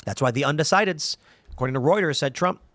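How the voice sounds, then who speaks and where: Here the podcast host talks fast in a voice on the high side, reading out viewer comments and acting out quotes in lively, casual storytelling. The studio-quality recording has no echo.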